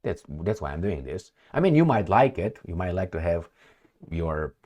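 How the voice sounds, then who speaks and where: Man, very low voice, sarcastic vlog commentary, rambling. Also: moderate pace. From Romania. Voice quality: sarcastic, mocking. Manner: rambling, animated, frequent fillers and laughs. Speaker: political commentary vlogger.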